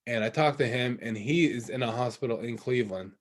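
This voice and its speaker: A man's voice: medium pitch, fairly quick. Rambling young man telling a story. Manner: rambling storytelling with many fillers and restarts. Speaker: podcast co-host. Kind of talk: casual chat.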